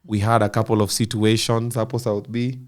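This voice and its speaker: A man with a Kenyan accent, a comedian chatting as a guest in a relaxed interview, telling stories in a lively way and laughing often. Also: fairly low pitch, brisk. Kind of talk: casual interview chat.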